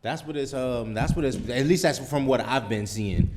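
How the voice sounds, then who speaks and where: A man hosts a podcast in relaxed, casual chat, easygoing and agreeable toward his guest. His voice sits at a middling pitch. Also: moderate pace. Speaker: podcast host.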